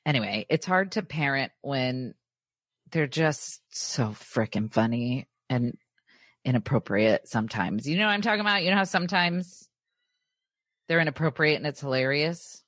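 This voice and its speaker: Female co-host, 30s, low husky voice, giggly storyteller, dry close mic. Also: lively intonation, normal speed, a bit bright, no room sound. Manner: giggly storytelling, laughing through her words. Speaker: podcast co-host. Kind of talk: casual chat.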